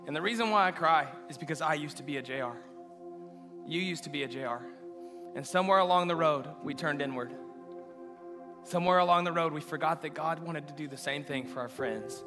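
Male pastor, higher voice, bright tone, emotional storyteller, church hall reverb with soft music. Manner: emotional storytelling, quoting dialogue. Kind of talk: sermon. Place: church auditorium.

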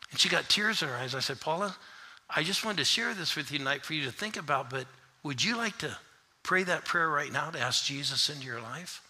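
High, bright-voiced pastor preaching. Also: male voice, lively intonation, normal speed, breathy edge. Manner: swings from shouted call-and-response to hushed storytelling. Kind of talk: sermon. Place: church.

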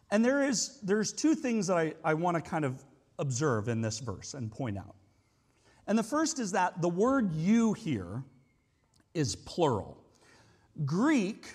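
A male pastor preaches in a relaxed, explanatory way, often hedging his points with casual asides. His voice sits high and swings widely in pitch. The sound carries a long hall reverb, as in a church sanctuary. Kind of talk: sermon.

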